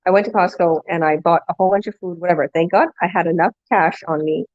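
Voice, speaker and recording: A woman's voice: on the low side, fast talker, a little mellow, muffled recording. A woman vlogger casually telling a long story, rambling with restarts and quoting people along the way. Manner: rambling anecdote with restarts and acted-out quotes.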